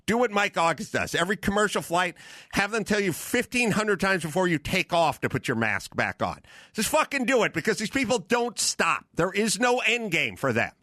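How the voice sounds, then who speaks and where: A man hosting a podcast, delivering a heated, profane rant with emphatic repetition and bursts of shouting. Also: high voice, no echo, clean studio sound. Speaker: podcast host.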